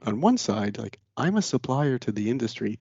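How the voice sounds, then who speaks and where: A man's voice: medium pitch, big pitch swings, moderate pace, creaky, darkish tone, husky, dry recording. Chatty American man, lo-fi call audio. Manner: talkative, rambling with many restarts and fillers. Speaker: podcast guest, managing director. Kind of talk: casual interview chat.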